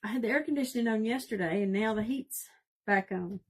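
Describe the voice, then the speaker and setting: Southern woman, craft host, home craft room, slightly high chatty voice. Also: a little fast. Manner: chatty, folksy, greets viewers by name. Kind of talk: casual live craft demonstration.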